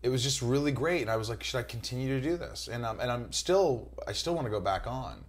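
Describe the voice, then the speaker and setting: Animated, foul-mouthed man telling stories. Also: mid-range voice, quick pace. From New York. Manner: animated storyteller, swears freely, acts out other people's voices. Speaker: guest. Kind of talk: casual podcast chat.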